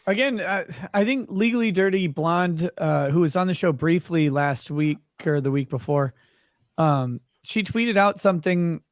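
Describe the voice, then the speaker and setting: A man talks casually to his stream audience, mixing legal commentary with wry jokes. His voice sits a touch high. The sound is close and dry, with no room around it. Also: moderate pace, dry recording. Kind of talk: casual live-stream chat.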